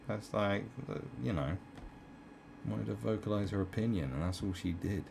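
A man's voice: lowish voice, lively intonation, normal speed, gravelly, a little mellow, slight background noise. A man giving crude, profane, rambling commentary in a ranting style. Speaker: online commentator.

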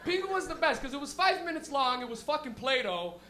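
Male stand-up comic, very high voice, rowdy and profane, full of impressions. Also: fairly quick. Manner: profane, animated, laughing, acts out characters. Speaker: stand-up comedian hosting. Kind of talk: stand-up comedy. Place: comedy club stage.

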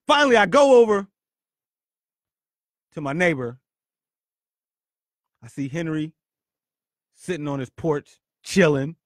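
A man hosting a podcast, his pitch swinging widely as he tells a story. His voice sits a little high for a man and sounds close and dry, with no room echo. He talks in a punchy way and repeats words for emphasis. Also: big pitch swings, slow pace, long pauses. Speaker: podcast host. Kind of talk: storytelling monologue.

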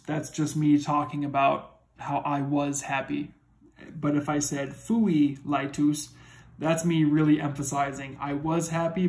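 Patient higher-voiced male Latin teacher. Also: a little mellow, low-quality recording. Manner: patient, methodical, checks in with "okay?". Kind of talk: recorded classroom lesson.

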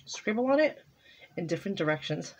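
A woman's voice: on the low side, very animated, fairly quick, a little mellow, breathy edge, muffled recording. Chatty woman gushing over craft mail. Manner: chatty, exclaims over each card. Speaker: crafting vlogger. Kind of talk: casual chat while opening mail.

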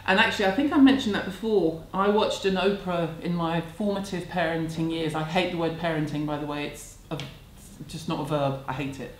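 A woman's voice: fairly low pitch, brisk, few pauses. Chatty woman in an echoey room. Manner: candid, chatty and self-deprecating. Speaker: vlogger answering viewer questions. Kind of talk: casual chat. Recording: echoey room, faint background hum.

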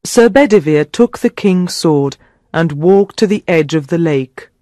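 A man with a fairly high voice narrates a simple story for English learners. His reading is clear and dramatic. The sound is close and dry. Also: lively intonation, measured pace, dark tone, no echo.

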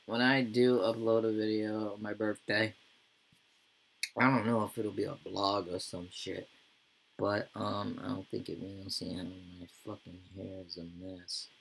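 Low, gravelly man ranting over gameplay. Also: a bit bright, a little hiss or hum, low-quality recording. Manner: profane, slangy, rambling. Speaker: gaming YouTuber. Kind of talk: casual gameplay commentary.

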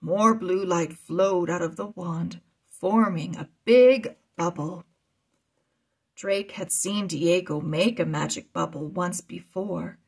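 A woman reading a children's chapter book aloud, with slow, deliberate storytelling. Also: lowish voice, gravelly, darkish tone, breathy edge.

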